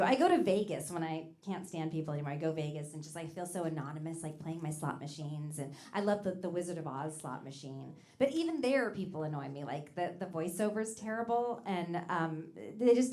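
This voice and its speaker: A woman's voice: medium pitch, a little mellow. A woman in her forties doing a chatty, self-mocking stand-up set on a comedy club stage, speaking into a handheld mic. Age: 40s. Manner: chatty, self-mocking, slipping into character voices.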